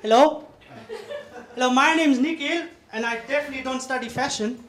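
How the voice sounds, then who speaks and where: Man performing as an awkward stand-up with a put-on Indian accent, high voice, roomy noisy live recording. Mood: bumbling. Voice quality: hesitant, long awkward pauses. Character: bumbling nervous young male stand-up with put-on Indian accent. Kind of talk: stand-up comedy set. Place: comedy venue.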